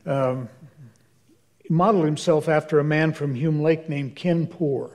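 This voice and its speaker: A man's voice: on the high side, measured pace, darkish tone. An older man, a minister, telling wry anecdotes at a church question-and-answer session, acting out the dialogue. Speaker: guest speaker, minister. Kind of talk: storytelling in a church Q&A. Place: church hall.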